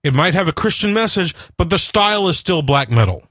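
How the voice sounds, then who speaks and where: A man's voice: high-pitched, expressive, brisk, fairly bright tone, dry recording. A male radio host, talking casually and bluntly on his own show, rambling, swearing and laughing at himself. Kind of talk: casual solo radio rant and chat.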